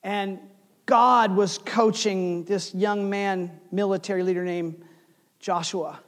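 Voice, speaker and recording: A man in his forties preaches to his congregation, spinning a personal story that rises to loud bursts and drops to near whispers. His voice sits high for a man. The sound carries a long reverb, as in a large church hall. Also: slow pace. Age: 40s. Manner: storytelling with lively swings between loud and hushed. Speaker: pastor. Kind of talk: sermon.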